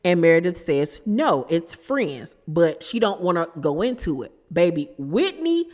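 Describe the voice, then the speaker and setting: A woman's voice: lowish voice, expressive, normal speed, darkish tone, big-room sound. A woman hosting a reality TV recap, telling the drama in a sassy, gossipy way and calling her listeners honey and child. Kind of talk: casual recap commentary.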